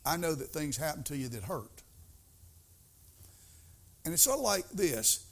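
Middle-aged preacher, folksy storyteller, fairly high voice, drops to soft asides then builds to loud bursts. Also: male voice. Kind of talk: sermon.

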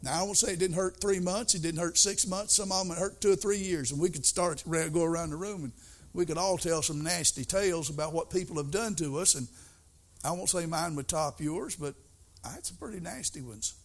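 A man's voice: a little high, fairly quick. Folksy man preaching a sermon. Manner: folksy storytelling, swings from soft to loud.

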